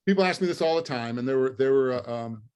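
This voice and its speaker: A man in his fifties, a former football lineman, telling lively stories in an interview, often laughing and trailing into fillers. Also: mid-range voice, fast talker, smooth. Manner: lively storyteller, laughs through punchlines, many fillers. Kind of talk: storytelling interview.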